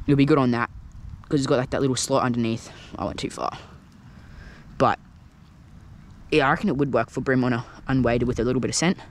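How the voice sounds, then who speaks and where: A man casually talking through a fishing trip on the water, chatty and excitable, recorded on an action camera. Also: medium pitch, rapid-fire, hardly any pauses, a little hiss or hum. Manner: chatty, excitable, thinks aloud. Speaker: fishing vlogger. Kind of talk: casual narration while fishing.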